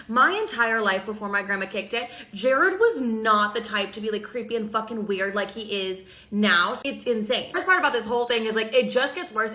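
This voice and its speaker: Bright-voiced woman telling a blunt storytime. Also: on the high side. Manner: profane, blunt, fast-talking. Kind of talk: casual storytime monologue.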